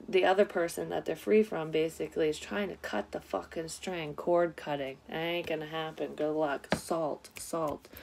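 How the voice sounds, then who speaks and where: A woman's voice: on the low side, creaky, a little mellow, slight background noise. A woman giving a casual psychic reading to her viewers, blunt and rambling, swearing freely. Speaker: psychic reader. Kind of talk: casual tarot-style reading.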